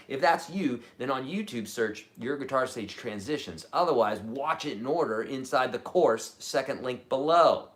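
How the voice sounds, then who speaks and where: A middle-aged man at a medium pitch, running a live guitar lesson with questions from viewers. He talks in an animated, chatty way and keeps checking in with his audience. His tone is easygoing and encouraging. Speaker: guitar teacher.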